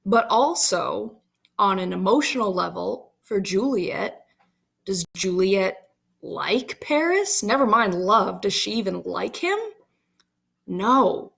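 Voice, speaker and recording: A woman's voice: medium pitch, lively intonation, takes it slowly, gravelly, a bit bright, breathy edge. Chatty woman explaining a play. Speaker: teacher.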